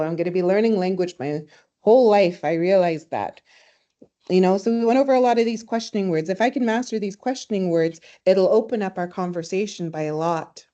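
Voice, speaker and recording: A woman teaching a language in a webinar, speaking warmly and reflectively, telling stories and laughing easily. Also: medium pitch. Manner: warm, storytelling, laughs easily. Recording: slightly dull webinar audio.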